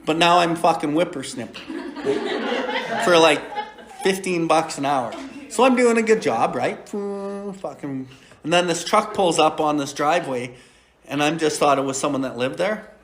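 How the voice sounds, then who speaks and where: A man's voice: on the high side, a bit bright, reverberant, a little hiss or hum. A man in his forties hosting a recovery podcast, telling a story in a blunt, profane, casual way with frequent laughter. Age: 40s.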